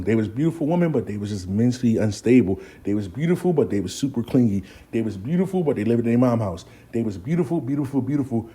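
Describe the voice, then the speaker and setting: A man hosting his own show, telling a story in a casual, profane, animated way and acting out the people he quotes. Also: on the low side, breathy edge. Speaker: host.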